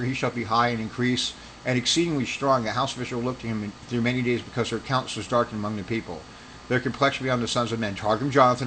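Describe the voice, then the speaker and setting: A man's voice: medium pitch, sharp tone, rough recording. Heated argumentative man with faint noise. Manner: rambling with restarts. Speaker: religious commentator. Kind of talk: casual monologue.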